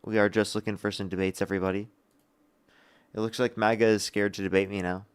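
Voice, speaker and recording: A young man hosting a live political call-in debate, combative and incredulous with quick retorts. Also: on the low side, flat delivery, smooth. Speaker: livestream debate host.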